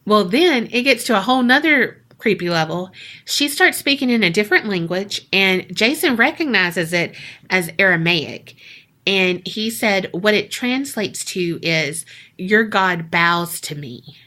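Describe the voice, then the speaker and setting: Young female podcast co-host, bright tone, unhurried, foul-mouthed storyteller. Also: medium pitch, animated. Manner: slangy, profane, dramatic retelling. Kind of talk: casual storytelling chat.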